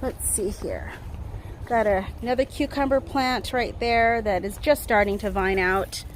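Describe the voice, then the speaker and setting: A woman giving a casual garden tour vlog outdoors, chatty and excitable, laughing often as she talks into a handheld phone. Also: medium pitch, measured pace, slight background noise. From Southern California. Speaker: garden vlogger.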